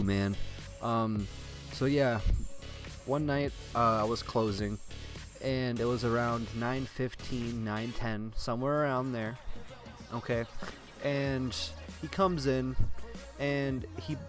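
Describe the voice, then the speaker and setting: A young man casually telling a story from his sandwich shop job, rambling with lots of fillers and swearing. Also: fairly low pitch. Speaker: vlogger, sandwich shop worker.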